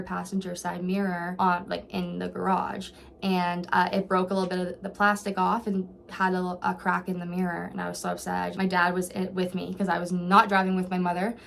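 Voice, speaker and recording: Animated young woman vlogger storytelling. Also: on the low side, creaky, a little hiss or hum. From Canada. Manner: animated, swearing, laughing asides. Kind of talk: casual storytelling.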